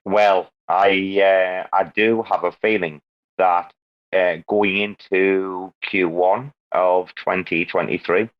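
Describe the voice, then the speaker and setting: Outside at night, a man who's a regular on a live crypto audio show talks casually, cursing heavily and restarting sentences in slangy rambles. He has a deep voice with a flat, slow delivery, and the audio is dull.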